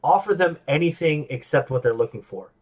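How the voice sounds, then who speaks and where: A man's voice: on the high side, brisk. A man hosting his own podcast, talking in a rambling, self-deprecating way, restarting his sentences and acting out voices in quotes. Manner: animated, acts out quoted voices. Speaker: podcast host. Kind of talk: casual solo monologue.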